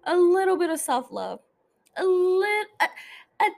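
A young woman hosting a casual recap podcast, animated and swearing freely, laughing often as she talks. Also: extremely high pitch, measured pace, gravelly, pauses often. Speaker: podcast host.

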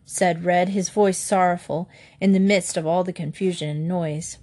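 A woman narrating a children's western storybook in a steady, expressive reading. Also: lowish voice, unhurried. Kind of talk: storybook read-aloud.

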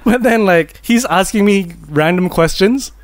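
A man's voice: high-pitched, animated, unhurried, no room sound. A man, co-hosting a casual movie chat, playful and cursing often with laughs. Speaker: podcast co-host.

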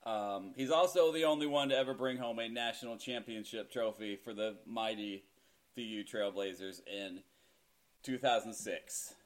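A middle-aged man hosts a casual podcast, his voice sitting on the low side at a normal speed. He's chatty and self-deprecating, laughing easily as he goes.

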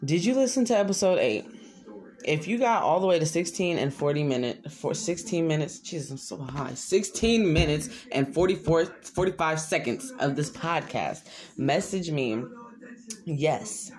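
A young man hosts his own podcast alone, chatting in a loose, rambling way full of slang. His voice is animated at a normal speed, with sudden jumps in pitch.

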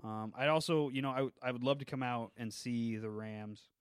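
A man with an ordinary mid-range voice, chatting earnestly as a podcast co-host. He speaks in quick bursts, with fillers between them. The recording is dry and close, with no room echo. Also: medium pitch, clear, resonant tone. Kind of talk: casual chat.

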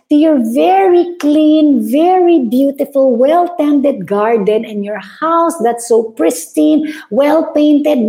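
A middle-aged woman with a Filipino accent preaching a sermon in an animated way, switching between languages and laughing now and then. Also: high voice. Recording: echoey room.

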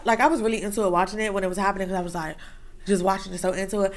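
Quick, blunt woman in casual chat. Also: medium pitch, steady tone.

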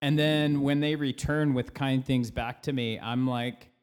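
A man's voice: medium pitch, fairly even intonation, measured pace, clear, resonant tone. A man co-hosting a podcast, chatting in an easygoing, joking way. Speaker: podcast co-host. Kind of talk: casual chat.

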